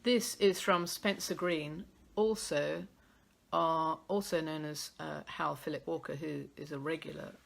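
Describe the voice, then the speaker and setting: A woman's voice: deep voice, fairly even intonation, measured pace, vocal fry. A British woman hosting a live poetry stream, chatting in a rambling, self-deprecating way and reading her own poems.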